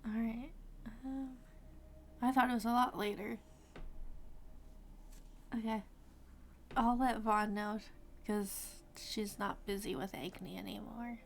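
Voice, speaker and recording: A woman's voice: fairly high pitch, steady tone, slow pace, creaky, pauses often, a little hiss or hum. A woman playing a tabletop game, casually describing what her character does. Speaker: player.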